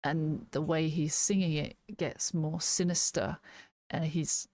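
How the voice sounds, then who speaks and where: A woman's voice: deep voice, steady tone, slow pace, a little mellow, no room sound. A woman casually reviewing an album, thinking aloud, restarting sentences and laughing now and then. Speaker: music reaction host.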